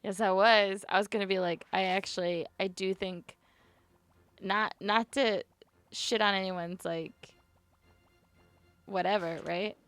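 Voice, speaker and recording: A woman chatting to herself while she plays a video game, rambling and giggly, her voice climbing high when she gets nervous. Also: steady tone, slow pace, long pauses, a bit bright, dry recording, faint music behind. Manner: rambling self-talk, giggly. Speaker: streamer. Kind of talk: casual gameplay commentary.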